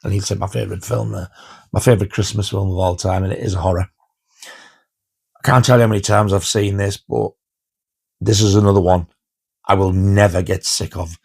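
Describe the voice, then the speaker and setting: A man's voice: sits low, steady tone, fairly quick, gravelly, pauses often, darkish tone, husky. A man in his fifties chatting enthusiastically about films he has watched, laughing as he retells favourite scenes. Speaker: film reviewer. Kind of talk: casual home movie-review vlog.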